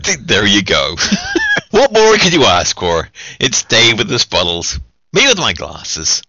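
A man's voice: lowish voice, huge pitch swings, a little slow, bright, forceful tone, dry recording, dull audio. A man giving a joking, tipsy holiday greeting as a podcast guest, giggly and singsong.

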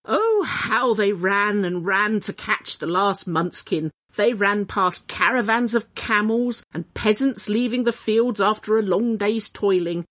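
A woman reading a comic story aloud, with lively, animated delivery and playful voices for the characters. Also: medium pitch.

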